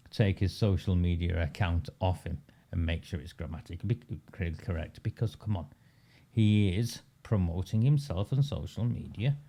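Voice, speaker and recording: A man's voice: low-pitched, creaky, dark tone. A man delivering a combative, sarcastic political commentary monologue, full of rhetorical questions. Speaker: local political campaigner.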